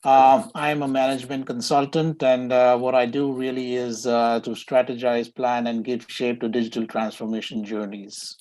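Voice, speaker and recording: Measured man, management consultant. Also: mid-range voice, little pitch movement, a little mellow. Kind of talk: self-introduction on a video call.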